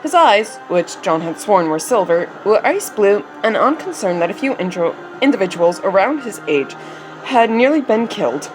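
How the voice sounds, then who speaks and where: Lively woman reading a story aloud. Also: medium pitch, moderate pace, over music, low-quality recording.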